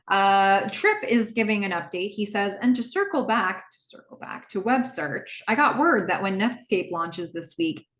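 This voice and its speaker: With a mid-range voice and a reverberant sound, this podcast host casually goes over a TV episode. She retells scenes by acting out lines in shifting character voices, laughing often in a lively, amused way.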